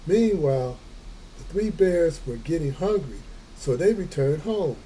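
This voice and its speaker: A man reading a children's story aloud, slow and folksy, with playful chatty asides. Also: on the high side, animated, warm tone, slight background noise, low-quality recording. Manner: slow, folksy, adds playful comments to listeners.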